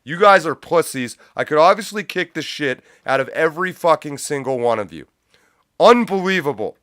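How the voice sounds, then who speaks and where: A man's voice: fairly high pitch, expressive, brisk, a bit bright, no echo. A man hosting a live stream, giving blunt, profane reaction commentary from a home studio, close on a mic with a pop filter. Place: home studio with a cat nearby.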